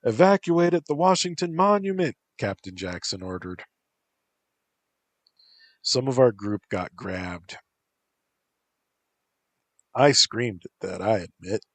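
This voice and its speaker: A man reading a first-person story aloud in a deadpan, unhurried way. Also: low-pitched, husky, dry recording. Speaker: narrator.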